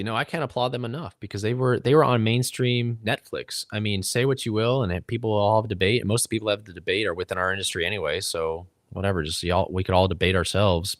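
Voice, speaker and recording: A very deep-voiced man with a Texas drawl talks on a podcast as a guest. He is emphatic and driven, circling his points in long run-on thoughts. The sound is close and dry, with no room around it. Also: no room sound. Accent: Texan. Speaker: podcast guest, hunting media founder. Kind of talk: casual podcast conversation.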